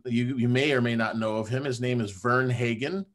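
Male chiropractor guest, mid-pitched, chatty storyteller, animated and informal. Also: normal speed. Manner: animated, conversational, drops "man" and "you know" often. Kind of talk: casual personal storytelling.

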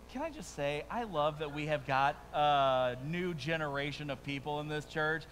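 Bright high-voiced joking male pastor. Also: moderate pace, few pauses, slight background noise, rough recording. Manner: playful, self-mocking, joking with the congregation; shifts between hushed asides and loud bursts. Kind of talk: sermon.

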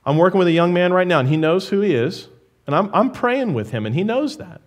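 High-voiced man preaching to his church. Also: expressive, a little fast. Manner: earnest, direct address to the congregation. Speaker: pastor. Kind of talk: sermon. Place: church in front of a congregation.

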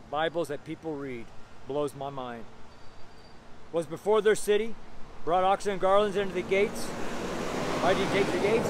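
An older man preaches a fervent outdoor street sermon beside busy roads, exhorting listeners and repeating his points in a high voice. Passing cars make the background noisy.

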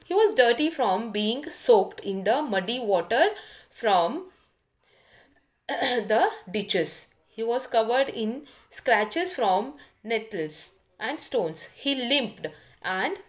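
A woman's voice: on the high side, animated, takes it slowly. A woman teacher with an Indian accent, giving an online English lesson. She goes through a story line by line, repeating phrases and explaining the meaning of each word.

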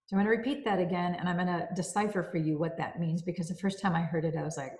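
A woman's voice: fairly low pitch, steady tone, fast, few pauses, darkish tone, reverberant. A woman reviewing a self-help book in a casual way. She repeats key phrases and walks through everyday examples.

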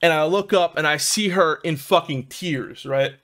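Here a vlogger from South Philadelphia, USA, recounts his own recovery at a normal speed, his voice fairly bright and a bit high. The talk is casual and personal, rambling and profane, with "man" and "dude" sprinkled throughout.

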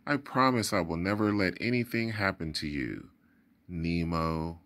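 A man's voice: deep voice, a little slow, a bit bright. A man voicing an anxious, protective father clownfish in a read-aloud storybook, fretful and pleading. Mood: tender. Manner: fretful, pleading, rising to frantic cries.

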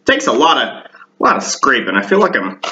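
Deadpan man with a bright voice, echoey room. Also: medium pitch, a little fast, slight background noise. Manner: deadpan, darkly joking, rambling. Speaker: home cooking show host. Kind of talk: casual cooking vlog. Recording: echoey room, dull lo-fi sound.

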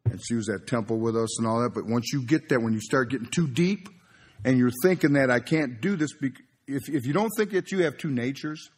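Man, pastor, sermon, husky, folksy and conversational. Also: medium pitch, brisk.

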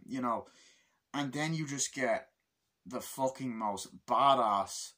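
Young dude ranting about a movie, bright husky voice, cursing, acting out the scenes. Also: male voice, mid-range voice, unhurried. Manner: excited, swears a lot, acts out scenes in a raised voice. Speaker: movie reviewer. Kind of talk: casual spoken movie review.

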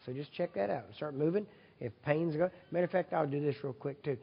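Male preacher, gravelly and husky, conversational with the congregation, dull recording in a big reverberant hall. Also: fairly high pitch, fast. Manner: leads congregation in repeat-after-me prayer, loud and emphatic; conversational, asks audience for agreement. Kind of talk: sermon.

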